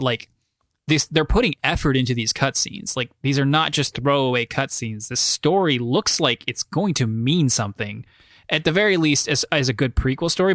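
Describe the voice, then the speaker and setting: A man's voice: mid-range voice, a bit bright, no echo, clean studio sound. A man co-hosting a gaming podcast in casual chat, joking and teasing his co-host.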